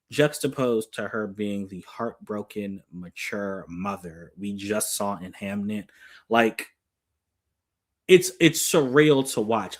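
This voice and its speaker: A man with a fairly low voice gives a casual film review on his own channel. He is chatty and eager, and he peppers his thoughts with fillers like "like" and "you know". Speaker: movie reviewer.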